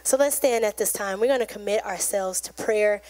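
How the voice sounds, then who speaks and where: A woman's voice: mid-range voice, normal speed, a little mellow. A woman pastor giving a conversational, earnest sermon in a church, acting out little prayers and everyday chats. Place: church sanctuary.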